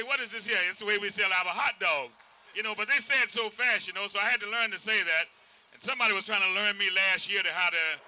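Man, street vendor type; high, bright, playful hollering pitch. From United States. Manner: hollering sing-song sales cry, playful. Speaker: hot dog vendor. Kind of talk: folksy demonstration of a vendor's cry.

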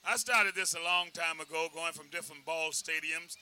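Hot dog guy, high bright voice, hollers a sing-song sales cry. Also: steady tone, moderate pace, clean tone. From United States. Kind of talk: folksy demonstration of a vendor's cry.

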